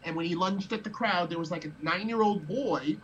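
A man's voice: high-pitched, a little fast, a bit bright, dull audio, a little hiss or hum. A man guest telling a story in a casual, rambling way, often repeating words as he thinks.

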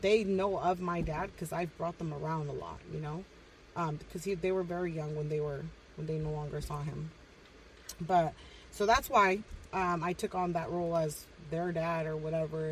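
A woman's voice: low-pitched, steady tone, normal speed, recorded from a distance, slight background noise, poor audio. A woman guesting on a podcast, telling stories casually and bluntly, swearing heavily and slipping into Spanish. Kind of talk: casual, profane storytelling.

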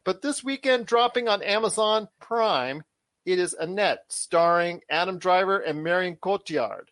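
A man's voice: sits high, lively intonation, normal speed, fairly bright tone, no room sound. A man hosting a casual podcast chat, talking in an enthusiastic, rambling way with frequent restarts. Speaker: show host.

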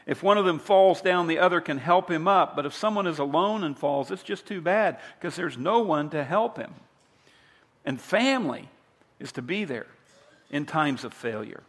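A man's voice: fairly high pitch, lively intonation, moderate pace, a bit bright. A middle-aged man, a pastor, delivering a sermon in a conversational storytelling way, often restarting his sentences.

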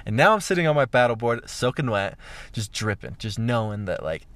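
Profane, animated young man telling a story. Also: medium pitch, brisk, slight background noise. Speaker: vlogger. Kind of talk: casual storytelling.

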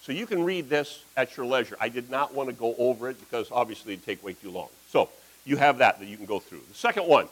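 A middle-aged man preaching a sermon as pastor, telling a story with animated delivery and acting out the voices of the people in it. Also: medium pitch, quick pace, husky, poor audio.

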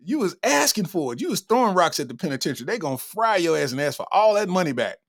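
A man's voice: high-pitched, sing-song, fast talker, fairly bright tone. A man hosting a comedy podcast, riffing in a slangy, incredulous way, laughing often and reading out chat comments. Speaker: podcast host.

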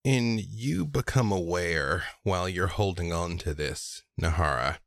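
A man narrating a tabletop role-playing game as game master, in an unhurried and expressive way. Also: low voice, creaky, dry recording, clean studio sound.

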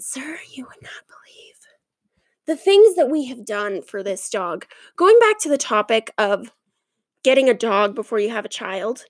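A young adult woman hosting a podcast, chatting and ranting in a lively, animated way. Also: fairly high pitch, dry recording. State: out of breath. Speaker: podcast host. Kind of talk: casual chat.

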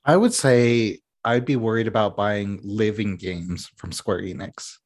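A man co-hosting a podcast in casual chat, tossing in quick questions and dry asides. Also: lowish voice, darkish tone. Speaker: podcast co-host.

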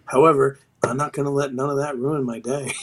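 A man's voice: mid-range voice, level tone, brisk. Blunt, profane middle-aged man. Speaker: podcast guest, retired sergeant major. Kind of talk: casual interview chat.

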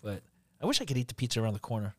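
A man's voice: medium pitch, sing-song, very fast, a crowd in the background. A man hosting a podcast in casual chat, loose and profane, rambling with lots of fillers. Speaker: podcast host.

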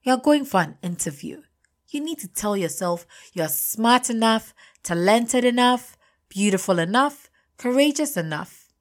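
A woman's voice: on the high side, expressive, unhurried, pitched above the performer's own voice. A woman voicing a frank, caring female friend who scolds her insistently in a spoken story. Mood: urging.

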